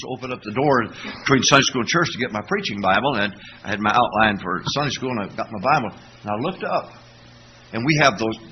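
A male pastor with a mid-range voice preaches a sermon in church, telling stories and putting rhetorical questions to the congregation. The sound is lo-fi, with a little hiss or hum.

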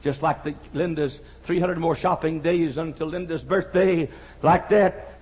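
A man preaching with a husky, slightly breathy voice that sits a little higher than most men's. He moves between hushed, intimate passages and long, shouted cries, stretching out the words he stresses. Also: fairly even intonation, lo-fi sound. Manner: swings from hushed to shouting, drawn-out emphatic cries. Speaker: pastor. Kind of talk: sermon.

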